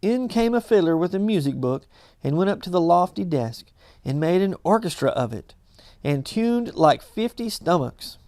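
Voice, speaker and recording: A man's voice: sits high, big pitch swings, darkish tone, dry recording, studio quality. Man narrating a classic novel. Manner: measured storytelling. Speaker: audiobook reader.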